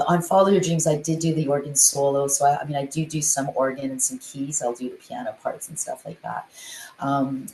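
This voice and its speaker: A woman musician chatting in an interview, often singing rhythms out loud. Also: low voice, roomy sound, a little hiss or hum, low-quality recording. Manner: chatty, sings rhythms aloud. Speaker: guest, musician and composer. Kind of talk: casual interview chat.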